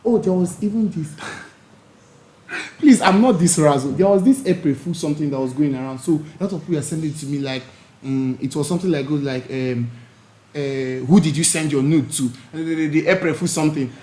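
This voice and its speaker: A man's voice: on the high side, brisk, warm tone. A man guesting on a podcast, talking boldly and playfully with emphatic self-assurance. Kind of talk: casual podcast chat. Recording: echoey room with faint noise.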